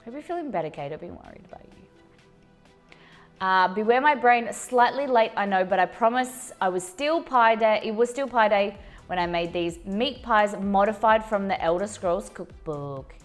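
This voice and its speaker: A woman's voice: medium pitch, lively intonation, normal speed, few pauses. A woman hosting a casual live cooking stream, reading out viewer messages in a chatty, rambling way and laughing at her own slips. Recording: faint music in background.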